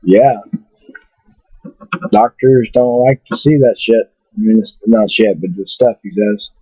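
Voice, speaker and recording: A man's voice: fairly low pitch, unhurried, breathy edge, dry recording. A man telling a personal story to his webcam in a rambling, blunt way, swearing freely. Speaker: vlogger. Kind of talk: casual storytelling to camera. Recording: tinny phone-like webcam audio.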